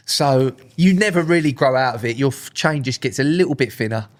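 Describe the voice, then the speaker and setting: A man's voice: mid-range voice, brisk. A man, chatting casually on a podcast and acting out what others said in his stories. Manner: animated storyteller, acts out quoted voices. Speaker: podcast co-host. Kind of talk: casual chat.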